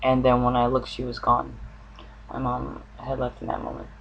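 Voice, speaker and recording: A man's voice: mid-range voice, completely flat delivery, moderate pace, gravelly, muffled recording, a little hiss or hum. A man telling a personal dream story to the camera, earnest and searching for words, with an occasional cough. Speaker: spiritual vlogger.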